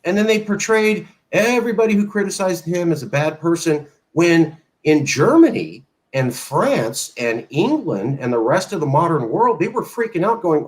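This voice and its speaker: A man's voice: a little high, sing-song, moderate pace, few pauses, rough recording. A man hosting a political talk show, speaking with sarcastic emphasis and mocking the people he quotes. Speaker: host.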